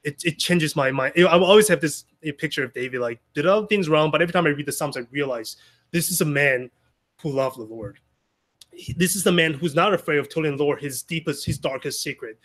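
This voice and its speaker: A man's voice: fairly high pitch, fast, fairly bright tone. Man giving a chatty sermon. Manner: conversational, many restarts and "you know". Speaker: speaker sharing a Sunday message. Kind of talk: informal sermon.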